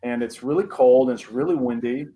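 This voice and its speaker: A young man co-hosting a podcast, telling a personal spooky story in an animated, dramatic way with many "like" fillers. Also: mid-range voice, a little fast, a little hiss or hum, low-quality recording. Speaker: podcast co-host.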